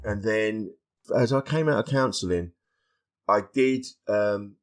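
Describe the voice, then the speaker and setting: A middle-aged man, speaking in a fairly low register. He is a stand-up comedian guesting on a podcast, recounting his life candidly and acting out bits of dialogue. His tone is frank and self-deprecating. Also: slow pace. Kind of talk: candid conversational storytelling.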